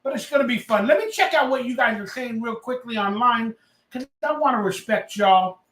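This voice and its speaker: A man hosting a casual livestream, loud and rambling, a little tipsy as he reads out chat messages. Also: extremely high pitch, expressive, fairly quick, echoey room. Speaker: livestream host.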